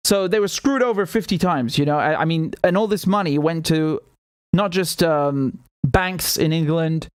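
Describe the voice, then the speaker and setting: A man hosts a political commentary show, indignant and sarcastic, building to emphatic outbursts. His voice sits fairly high. The recording is dry, with no room sound. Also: moderate pace, clear, resonant tone, no echo. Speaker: host.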